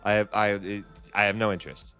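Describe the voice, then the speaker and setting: A man's voice: on the low side, flat delivery, a little fast, sharp tone, smooth, faint music behind. A man hosting a live trading stream in a loose, chatty way, repeating phrases and restarting his sentences. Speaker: livestream trading host. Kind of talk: casual live-stream chat.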